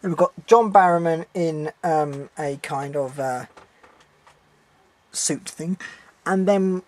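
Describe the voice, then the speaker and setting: A young man vlogging from a room at home, rambling and animated, with swearing and stumbling restarts. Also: a little high, slow. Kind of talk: casual vlog monologue.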